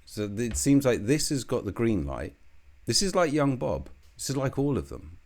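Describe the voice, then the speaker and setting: A man's voice: mid-range voice, sing-song, normal speed, darkish tone. A British man giving a solo political commentary, scornful and heated, swearing often.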